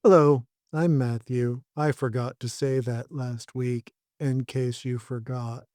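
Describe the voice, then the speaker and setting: A man's voice: medium pitch, fairly even intonation, slow pace, darkish tone, dry recording, clean studio sound, soft background music. A man co-hosting a podcast, casually chatting and recapping episodes with wry humor. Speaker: podcast co-host.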